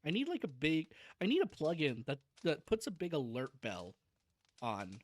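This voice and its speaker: A man's voice: fairly high pitch, huge pitch swings, normal speed, dry recording. A man chatting casually on a livestream before reading a novel aloud. He is self-deprecating and restarts his sentences often.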